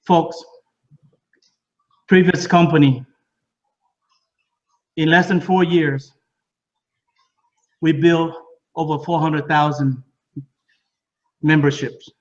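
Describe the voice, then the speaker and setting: Distant, muffled man pitching with excitement. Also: slow, pauses often. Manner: repeats words, broken English phrasing. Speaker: speaker at a home business party. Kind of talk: enthusiastic sales pitch. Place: living room of a home party.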